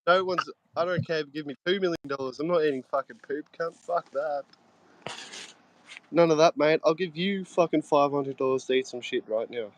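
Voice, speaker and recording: A man's voice: a little high, a little fast, slight background noise, rough recording. A man in his thirties from Australia with an Australian accent, chatting brashly on a livestream with plenty of slang and swearing. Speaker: guest streamer. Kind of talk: casual livestream chat.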